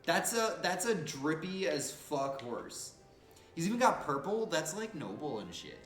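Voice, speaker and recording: A man's voice: fairly high pitch, measured pace, roomy sound, soft background music. A man giving casual, joking, slangy gameplay commentary as a streamer. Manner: animated, joking, slangy and profane.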